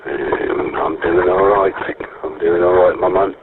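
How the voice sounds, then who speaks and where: A man's voice: low voice, measured pace, vocal fry. An older man from England with a Brummie accent, calling in to a radio net in a wry, joking, self-mocking way. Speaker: radio caller. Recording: tinny radio transmission with faint hiss.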